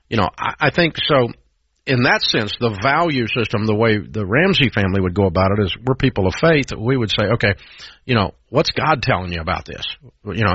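Man, radio call-in host, blunt and emphatic, lowish husky voice, dry lo-fi broadcast. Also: fairly bright tone, no room sound. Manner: blunt, emphatic, repeats phrases for punch. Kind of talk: call-in advice show. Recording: dull lo-fi radio broadcast sound.

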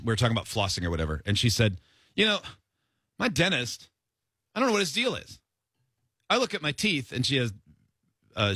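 A middle-aged man co-hosts a casual chat, jumping in with jokes and stories. His voice is bright and a little husky, and his pitch moves a lot. The sound is close and dry. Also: no echo. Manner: joking, interjecting, self-deprecating. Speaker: podcast co-host.

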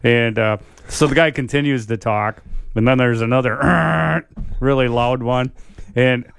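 A man's voice: mid-range voice, steady tone, normal speed, clean tone, dry recording, clean studio sound. A man co-hosting a sports radio show, a joking storyteller who laughs through his own tales. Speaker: radio sports show co-host, former color analyst. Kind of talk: casual sports radio banter. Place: radio studio.

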